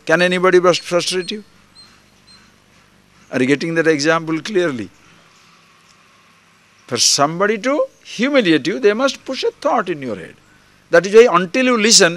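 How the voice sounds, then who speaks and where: A man's voice: sits high, expressive, moderate pace, fairly bright tone, dry recording. A man giving a spiritual discourse, often checking in with the listeners through questions and acting out small dialogues. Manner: acts out little dialogues. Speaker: spiritual teacher.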